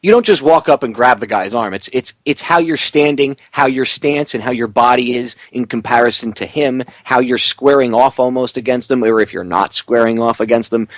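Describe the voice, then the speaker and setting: A man's voice: medium pitch, normal speed, hardly any pauses, dry recording. A middle-aged man hosting a talk radio show, ranting emphatically and often stammering and restarting.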